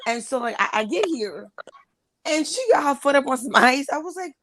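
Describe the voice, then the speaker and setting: A woman's voice: high voice, lively intonation, a little fast, fairly bright tone, no echo, rough recording. Blunt, exasperated woman telling a story. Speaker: host. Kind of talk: casual livestream chat.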